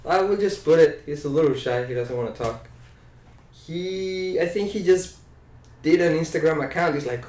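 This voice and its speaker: A man's voice: a little high, measured pace, long pauses, a little mellow, reverberant, a little hiss or hum. A man chatting casually in a longboard vlog, laid-back and joking, laughing often. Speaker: longboard vlogger.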